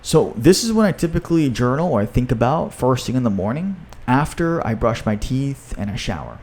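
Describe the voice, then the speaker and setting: A man's voice: medium pitch, big pitch swings, brisk, few pauses, darkish tone. A man hosting a podcast in a casual, enthusiastic talk, often adding "you know" and "right?". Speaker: podcast host and author.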